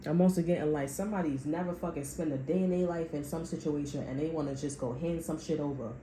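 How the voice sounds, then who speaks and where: A woman with a low, mellow voice gives a casual tarot reading, blunt and full of profanity as she talks straight at her viewers. The sound bounces around a roomy space, with faint ambient noise behind her. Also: steady tone, fast talker. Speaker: tarot reader. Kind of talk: casual spiritual reading monologue.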